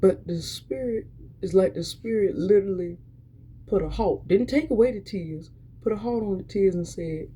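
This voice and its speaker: This woman's voice sits in the mid-range, dark and slightly rough, at a normal speed. Giving her weekly motivational message, she preaches with fervor, repeats herself, and restarts often while urging listeners on.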